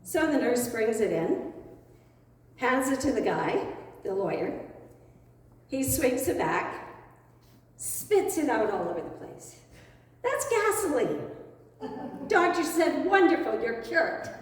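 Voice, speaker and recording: A woman's voice: fairly high pitch, big pitch swings, slow, long pauses. A woman telling a joke to a congregation as a playful storyteller, laughing along with her own punchlines. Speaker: speaker at a spiritual center service. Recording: echoey hall, voice from far off.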